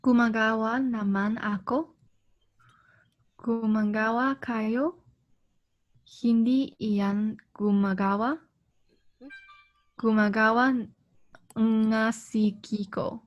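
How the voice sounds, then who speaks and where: Woman student, slow and careful reader, coming through on muffled lo-fi call audio. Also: a little high, steady tone. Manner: careful, hesitant reading aloud. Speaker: language student. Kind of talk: one-on-one online lesson.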